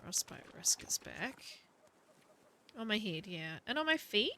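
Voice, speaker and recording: Woman, gameplay commentary, bright clear tone, casual chatty thinking aloud, faint background hiss. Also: medium pitch, big pitch swings, measured pace. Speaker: gaming video creator. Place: home room with her dog.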